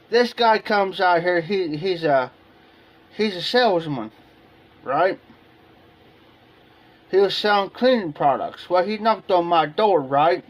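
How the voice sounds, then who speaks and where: A man's voice: high voice, expressive, slow pace, pauses often, muffled recording. An American man hosting a live stream, telling rambling stories in a casual chat and acting out the dialogue. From United States. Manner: rambling anecdotes, repeats himself, acts out dialogue. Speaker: livestream host. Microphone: streaming setup, live video.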